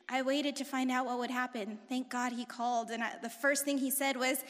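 A woman in her forties giving a personal testimony in church, talking fast and telling her story with animated, emphatic intensity. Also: fairly high pitch. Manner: emphatic, rising to forceful intensity. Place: church sanctuary. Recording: long reverb of a large hall.

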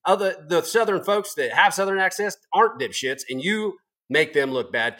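A man's voice: high voice, animated, moderate pace, pushed and bright. A man hosting a political talk show, delivering a fired-up, profane, combative rant with heavy emphasis.

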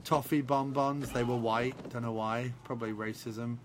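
A man's voice: mid-range voice, fairly even intonation, normal speed, slight background noise. A man in casual comedic banter, joking around and slipping into silly character voices. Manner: jokey, slips into put-on character voices.

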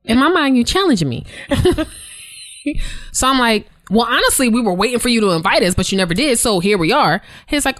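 A woman podcast co-host telling a travel story in casual chat, animated, laughing, swearing freely. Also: a little high, brisk, no echo.

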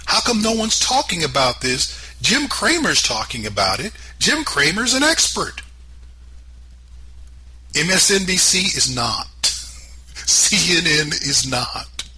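Hosting a political commentary show, this man speaks emphatically, throwing in sarcastic rhetorical questions and mocking asides throughout his opinionated monologue. His voice is on the high side, pushed and bright, on a rough recording with some hiss or hum.

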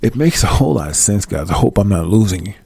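A man leading a casual online Bible study, reading verses aloud and talking to his viewers in a folksy, animated way. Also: lowish voice, quick pace, vocal fry, slightly rough, no echo, studio quality. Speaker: Bible teacher.

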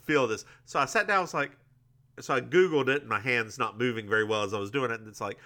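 A man's voice: medium pitch, quick pace, sharp tone. A man co-hosting a podcast, chatting casually and telling stories with acted-out quotes. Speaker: podcast co-host. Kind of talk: casual chat recapping a TV episode.

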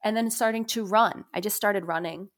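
A woman's voice: mid-range voice, moderate pace. A young adult woman, a musician guest in an interview, telling a personal story in a confessional way with lots of "you know" and "like".

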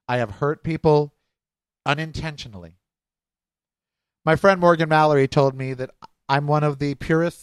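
Middle-aged male podcast host, candid rambling monologue, slightly high voice, dry close recording. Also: no echo. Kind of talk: personal monologue.

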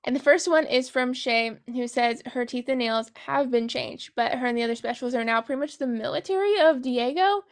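A woman's voice: high voice, moderate pace, few pauses. A woman hosting a book podcast, recapping a novel in casual chat. She is sarcastic, swears freely and giggles at her own jokes.

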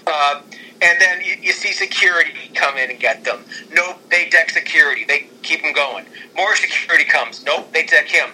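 A man in casual chat, excitedly rambling through an imagined storyline with many restarts. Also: on the high side, moderate pace, slight background noise, low-quality recording. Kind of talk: casual fantasy-booking chat.

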